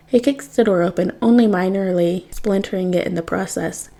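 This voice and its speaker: A woman reading fan fiction aloud in a wry, expressive way. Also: mid-range voice, normal speed. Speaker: podfic reader.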